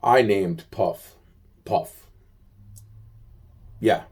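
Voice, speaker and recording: A man's voice: lowish voice, drawn-out words, a little mellow. A man venting in a rambling casual monologue, agitated, profane and full of repeated fillers.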